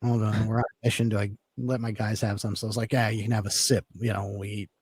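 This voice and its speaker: A man's voice: fairly low pitch, level tone, quick pace, darkish tone, a little hiss or hum. A man telling a long personal story in casual talk, rambling with lots of fillers. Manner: rambling, filler-heavy, laid-back. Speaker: podcast guest telling a story.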